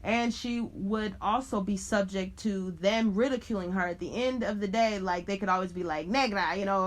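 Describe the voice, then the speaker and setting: A woman from Chicago in her thirties, a podcast guest telling stories in a lively, expressive way, acting out quotes and laughing often. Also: medium pitch. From Chicago, USA. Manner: animated, expressive storyteller who laughs often and acts out quotes. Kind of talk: casual storytelling interview.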